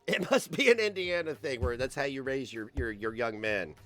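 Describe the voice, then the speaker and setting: Soft background music plays as a young man from the United States chats on stream at his home computer, rambling with crude sarcasm. His mid-range voice is expressive and a bit bright, at a moderate pace.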